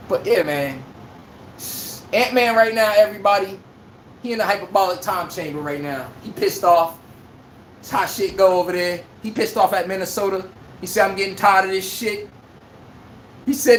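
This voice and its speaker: Male livestream sports host, loud and profane, speech, echoey room, faint background noise. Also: sits high, moderate pace. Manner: animated, profane, trash-talking. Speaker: podcast host. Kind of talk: casual sports commentary livestream.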